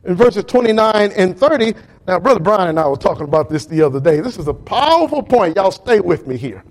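A man delivers a sermon with animated energy. His voice sits high and moves widely up and down. He addresses the congregation directly. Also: fairly quick, low-quality recording. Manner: animated preaching, talks straight to the congregation. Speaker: pastor.

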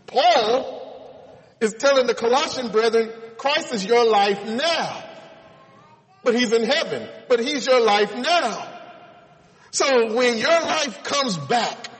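A man's voice: sits high, a bit bright, long reverb tail, low-quality recording. A man preaching a sermon, reading scripture aloud and explaining it, calling his listeners friends.

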